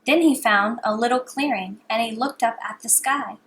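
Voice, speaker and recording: A mother reading bedtime stories aloud to her baby in a soft, hushed, sing-song manner. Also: on the high side, moderate pace, a little hiss or hum.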